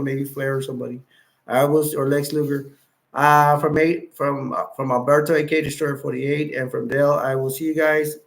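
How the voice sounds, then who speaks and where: Male livestream host, fairly high voice, casual rambling delivery with frequent restarts.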